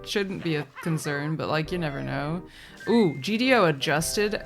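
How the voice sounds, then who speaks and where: A woman's voice: deep voice, animated, normal speed, soft background music. A woman doing casual live commentary on a race, chatty and rambling, laughing often and apologizing. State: sleepy, yawning.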